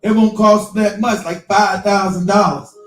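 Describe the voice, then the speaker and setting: A man hosting a live stream, telling a personal story in a profane, animated rant. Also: high-pitched, unhurried, reverberant, faint music behind. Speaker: live-stream show host.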